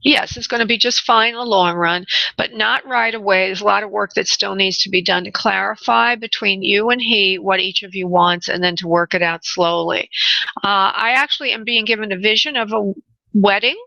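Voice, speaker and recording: Woman radio medium, halting and filler-heavy, affectionate "honey" to callers; gravelly voice, dull lo-fi sound. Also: mid-range voice, bright, forceful tone, no echo. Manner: halting, many fillers, relays spirit messages, calls callers honey. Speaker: spirit medium and radio show host. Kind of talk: call-in psychic reading on radio.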